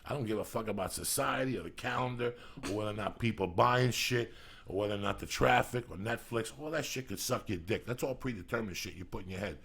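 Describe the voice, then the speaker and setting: A man hosting a podcast, delivering a loud, crude, comedic motivational rant in a studio, riffing and bursting into shouts. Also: on the low side, fast talker, gravelly. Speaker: podcast host.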